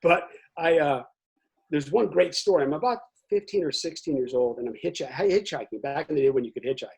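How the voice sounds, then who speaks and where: An older man in casual conversation, telling animated stories and acting out the voices in them, with a husky voice. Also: a little high, fairly quick. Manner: animated storyteller, acts out voices in anecdotes.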